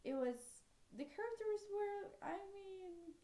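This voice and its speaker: A woman's voice: very high-pitched, expressive, slow pace, mellow. A young woman from Norway with a Norwegian accent, chatting casually about a book with frequent sidetracks and fillers. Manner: rambling, sidetracks often, many fillers. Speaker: book vlogger. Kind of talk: casual chat. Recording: echoey room.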